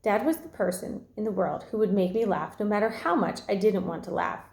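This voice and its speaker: A teacher reading a novel aloud to her class and pausing to ask questions. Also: medium pitch, gravelly, darkish tone. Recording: echoey room.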